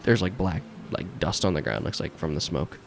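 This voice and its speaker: A man's voice: deep voice, sing-song, normal speed, creaky, a little hiss or hum. A man narrating a tabletop game as game master, casual and chatty with lots of fillers and laughter.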